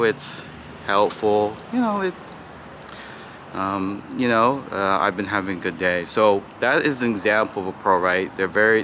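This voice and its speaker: A man coaching listeners on how to sound on sales calls, in a fairly low but bright, pushing voice. He talks in a mostly flat, unhurried way and keeps checking in with "right?". A faint hum of noise sits behind him. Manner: calls his own default voice flat and slow, demonstrates tones; frequent "right?" and "you know" fillers. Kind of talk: casual spoken tutorial.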